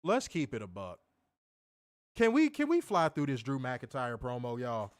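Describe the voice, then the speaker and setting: A man casually reviewing a wrestling show on a livestream, animated and profane, full of slang, reading viewer chat aloud. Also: mid-range voice, moderate pace, no echo, clean studio sound.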